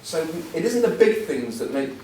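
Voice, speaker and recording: A man's voice: a little high, big pitch swings, moderate pace, darkish tone, slight background noise. A man in his sixties giving a humorous, self-deprecating talk as a guest speaker, full of anecdotes. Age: 60s. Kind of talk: anecdotal after-dinner talk. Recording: echoey hall, mic at a distance.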